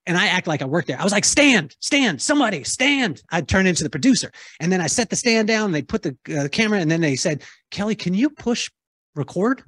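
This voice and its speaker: A man telling a lively story to an audience, acting out the voices of the people in it. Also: sits high, breathy edge, no room sound, studio quality. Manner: lively, acts out quoted voices. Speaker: keynote speaker answering audience. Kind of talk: animated storytelling talk.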